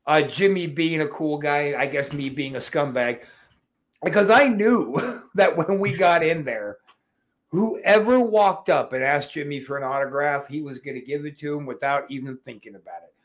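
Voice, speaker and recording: A man telling profane, animated stories as a guest in a casual chat. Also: on the high side, moderate pace. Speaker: wrestling promoter guest.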